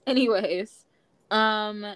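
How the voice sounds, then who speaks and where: A young woman chatting casually on a podcast, her words strung together with "like" and quick restarts. The voice sits in a middle pitch. The sound is dry and close. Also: fairly bright tone, no echo. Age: young adult. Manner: chatty, many "like" fillers. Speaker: podcast co-host. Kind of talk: casual chat.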